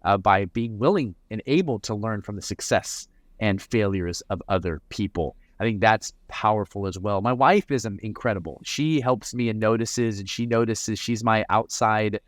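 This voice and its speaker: A man with a fairly low voice talks through his answers at an easy conversational pace, thinking aloud and doubling words as he finds his point. The recording is dry and close, with no room sound. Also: moderate pace, no echo. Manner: reflective, repeats words when starting a thought. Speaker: mental performance coach, guest.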